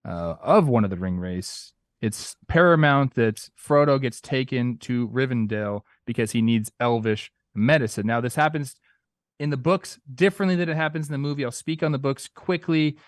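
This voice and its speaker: A young man co-hosting a casual sports talk show, animated and playful, acting out quotes in goofy voices. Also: mid-range voice, moderate pace, no room sound, clean studio sound. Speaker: podcast co-host.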